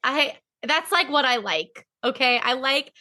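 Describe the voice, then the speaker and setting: A woman's voice: high-pitched, lively intonation, measured pace, pushed and bright. A woman co-hosting a podcast, chatting casually and animatedly about an episode, laughing easily and swearing now and then. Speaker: podcast co-host. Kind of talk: casual recap chat.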